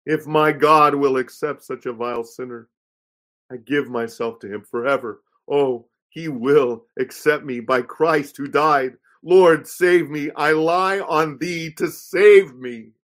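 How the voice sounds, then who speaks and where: Guy doing a dying woman, slow halting words, pleading, a bit higher than his own voice. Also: a bit bright. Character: dying young woman, penitent, then peaceful.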